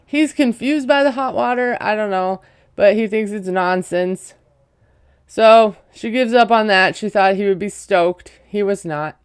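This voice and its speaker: A woman's voice: medium pitch, unhurried, clear, resonant tone. A woman casually recapping a reality show episode, rambling and peppering her talk with "like" and "you know.". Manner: rambling, filler-heavy, frequent "like". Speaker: recap vlogger; parent.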